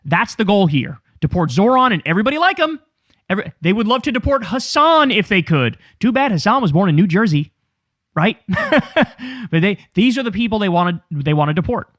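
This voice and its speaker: A man hosting casual political commentary, talking to viewers in an animated, profane, incredulous way. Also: high voice, brisk, dry recording, studio quality.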